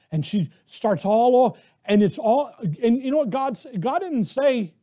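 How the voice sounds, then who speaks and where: An American man preaching a conversational, animated sermon who acts out the voices of biblical characters. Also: extremely high pitch, a little slow, hardly any pauses. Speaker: pastor.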